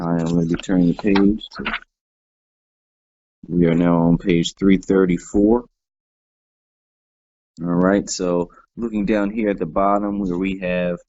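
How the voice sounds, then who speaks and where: A man's voice: low-pitched, darkish tone, dry recording. A man teaching a Hebrew grammar class, walking students through verb forms patiently and step by step, with frequent "all right" checks. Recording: dull lo-fi dry sound.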